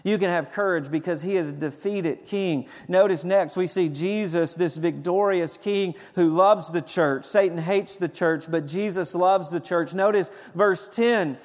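A man's voice: sits high, long reverb tail. A man preaching a sermon as pastor, building to emphatic bursts of conviction. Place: church sanctuary.

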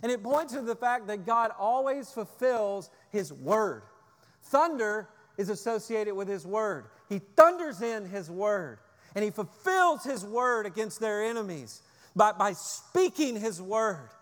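Male pastor, high voice, emphatic sermon delivery, long hall reverb. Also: lively intonation, a little slow, a bit bright. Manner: emphatic, repeats key phrases for stress.

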